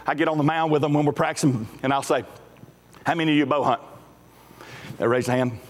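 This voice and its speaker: A man's voice: on the high side, a little fast. A man, preaching a sermon as pastor in a folksy, emphatic way. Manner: folksy, emphatic, rising to shouts at climaxes. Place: church sanctuary. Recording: echoey hall with faint music.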